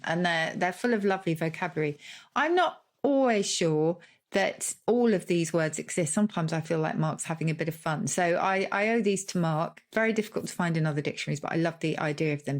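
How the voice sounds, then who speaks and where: A woman co-hosting a podcast in casual chat, explaining word origins and laughing easily. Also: deep voice. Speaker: podcast co-host.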